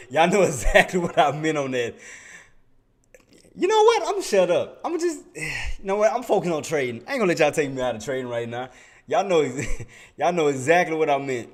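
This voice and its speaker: A man's voice: mid-range voice, creaky. Man laughing through live-stream chat. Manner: laughing often, talking straight to chat in slang. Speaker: live-stream day-trading host. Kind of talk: casual live-stream commentary.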